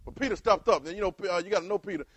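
A man preaches a sermon, calling on the congregation to repeat after him. His voice sits a little high, and it swells to loud exhortation. The sound is close and dry, with no room echo. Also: very fast, slightly rough. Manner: call-and-response preaching, rising to loud exhortation.

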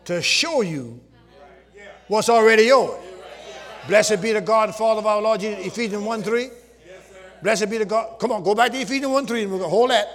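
A man preaching a sermon to his congregation, using call-and-response and shouting at the peaks. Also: sits high. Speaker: pastor. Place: church sanctuary with congregation.

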